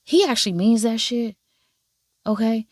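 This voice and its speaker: A woman giving casual drama commentary in an animated, profane, sassy way. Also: fairly high pitch, a little slow, dry recording, studio quality. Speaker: drama reviewer. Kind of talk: casual watch-along commentary.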